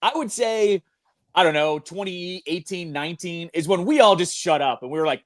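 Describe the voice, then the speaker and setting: A man's voice: sits high, normal speed. A man co-hosting a sports podcast, teasing and chatty in casual talk. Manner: teasing, chatty, quotes others. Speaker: podcast co-host.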